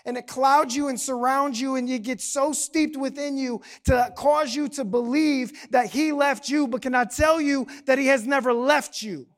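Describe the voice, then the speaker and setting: A young adult pastor preaching a sermon in a church service, talking casually and then building to impassioned shouting. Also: sits high, fairly even intonation, moderate pace, few pauses.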